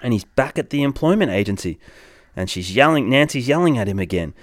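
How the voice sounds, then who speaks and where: A man's voice: mid-range voice, animated, brisk, no echo, studio quality. A man reading a comic aloud to his young child, playful and sing-song, with big reactions. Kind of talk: animated comic read-aloud.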